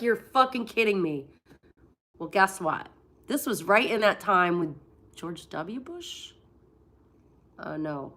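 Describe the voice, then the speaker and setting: A woman with a bright, forceful voice tells stories on her livestream with a cold. She is blunt and swears freely, and she acts out what each person said in her own animated way. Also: fairly low pitch. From Florida. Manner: blunt, profane and animated, acting out quotes. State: has a cold. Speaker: livestream host. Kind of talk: casual live-stream storytelling.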